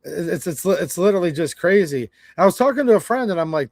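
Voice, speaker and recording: Brief: man in his forties, high voice, dry close sound, casual livestream rant, stammers and rambles. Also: animated, fast, a little mellow, no echo. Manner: rambling, stammering, frustrated and blunt. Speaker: livestream host.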